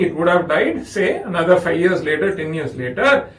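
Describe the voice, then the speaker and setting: Indian english guy telling a spiritual story, kinda high voice, echoey room, sounds a bit far from the mic. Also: normal speed. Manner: animated storytelling with acted quotes. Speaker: spiritual speaker. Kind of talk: storytelling discourse.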